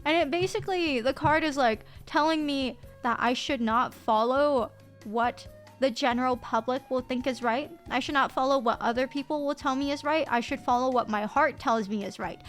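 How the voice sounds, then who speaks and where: A woman streamer in casual live-stream chat, excitable and swearing freely. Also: high-pitched, moderate pace, soft background music.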